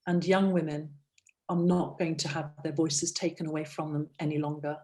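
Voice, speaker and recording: A woman's voice: low voice, little pitch movement, normal speed, darkish tone. A middle-aged woman voice coach leading a breathing workshop, demonstrating and encouraging the audience through exercises. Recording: roomy sound, off-mic.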